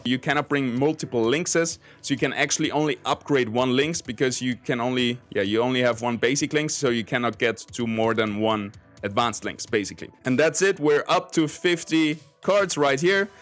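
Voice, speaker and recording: A man's voice: mid-range voice, a bit bright. A man hosting a casual game tutorial, explaining step by step in a chatty way. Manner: chatty, explains step by step with 'basically' and 'let's say'. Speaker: game guide creator and streamer.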